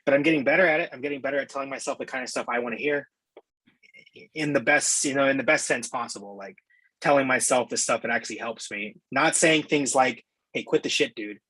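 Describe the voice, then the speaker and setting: A husky-voiced man speaking as an interview guest, candid and reflective, with the odd casual swear word. His voice is recorded dry, with no room sound around it. His pitch sits in the middle of the male range. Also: fast, bright, forceful tone, no echo, rough recording.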